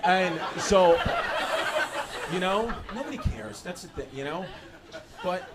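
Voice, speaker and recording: A man's voice: sits high, lively intonation, takes it slowly. A male stand-up comedian doing loose, rambling crowd work in a comedy club, saying "dude" a lot. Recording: noisy live club recording.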